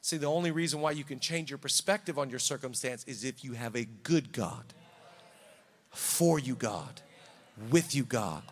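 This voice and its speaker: A man's voice: mid-range voice, animated, normal speed. A man preaching a sermon as pastor in a church, conversational and fervent by turns. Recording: reverberant hall.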